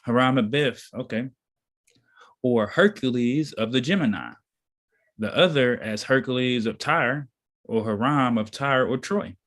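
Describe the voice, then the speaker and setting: A man reading a text aloud slowly and deliberately, pausing now and then to comment. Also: mid-range voice, a bit bright. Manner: slow, deliberate reading with pauses. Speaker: reader in a study session.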